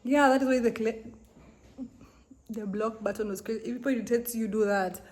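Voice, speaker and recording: A woman's voice: fairly high pitch, normal speed, a little mellow. Young woman telling an exasperated story. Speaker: vlogger. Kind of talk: casual storytelling vlog.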